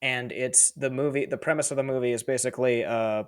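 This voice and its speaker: A man in loose, chatty podcast talk, his voice sitting at an ordinary middle pitch. He recaps scenes with animated energy and keeps breaking into laughter. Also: a little fast, smooth. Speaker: podcast co-host. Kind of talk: casual chat.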